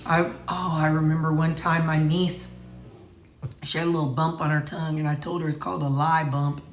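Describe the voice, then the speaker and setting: A woman's voice: low voice, little pitch movement, normal speed, roomy sound. A woman with a Missouri accent, chatting casually and rambling folksy as she vlogs from her home kitchen. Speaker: vlogger. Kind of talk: casual chat.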